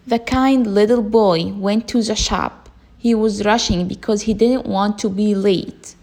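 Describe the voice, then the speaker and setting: Woman narrator for kids' bedtime stories, slow delivery, slight fry. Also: medium pitch, steady tone, darkish tone. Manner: slow, simple storybook reading. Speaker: storyteller.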